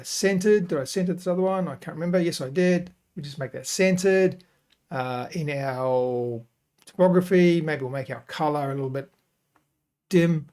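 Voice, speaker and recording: A man hosting a software tutorial, talking casually and thinking aloud as he works through each step. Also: fairly high pitch. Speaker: web design tutorial host. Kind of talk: screen-recorded software tutorial.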